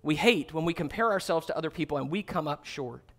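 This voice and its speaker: A pastor gives a sermon in a fairly high voice, addressing his listeners earnestly and a little fast. When he wants emphasis, he drops into a hushed, soft tone.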